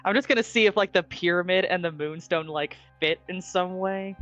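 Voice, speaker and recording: A woman playing a tabletop role-playing game, chatty and quick to laugh. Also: fairly low pitch, a bit bright, dull audio, faint music behind. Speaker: player. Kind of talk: casual in-character play.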